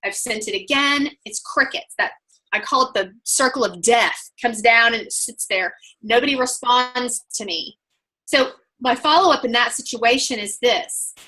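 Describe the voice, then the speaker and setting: An upbeat woman with an Oklahoma accent, leading a group coaching talk. Her voice rings bright and sits a little high, and she talks emphatically and with energy. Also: moderate pace, low-quality recording. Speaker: sales trainer.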